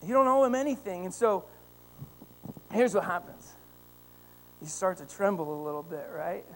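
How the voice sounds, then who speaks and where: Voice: mid-range voice, lively intonation, normal speed. A pastor delivers a sermon to his church, spinning an everyday story and turning it into a lesson. He speaks straight to the congregation, tossing in "right?" to pull listeners along, and builds toward fervent, emphatic declarations. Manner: storytelling, addressing the congregation directly with rising fervor; frequent "right?" tag questions.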